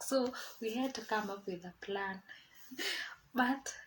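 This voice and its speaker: A young woman vlogger casually telling a personal story, chatty and animated, acting out quoted dialogue. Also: mid-range voice, takes it slowly, long pauses, slight background noise, low-quality recording.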